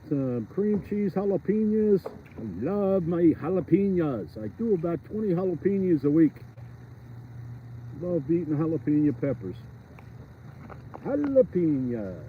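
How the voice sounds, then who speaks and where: A man's voice: sits high, lively intonation, a little slow. A man ice fishing outdoors, chatting and joking with his viewers on a live stream from his phone. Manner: chatty, rambling and jokey, talks to viewers. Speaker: fishing vlogger. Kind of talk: casual live-stream chat. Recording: dull lo-fi phone audio outdoors. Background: wind.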